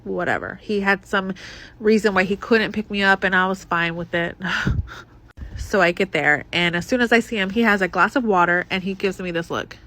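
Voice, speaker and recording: A woman's voice: medium pitch, normal speed, a bit bright. A young woman telling a storytime monologue in a casual, candid way, swearing and laughing as she goes.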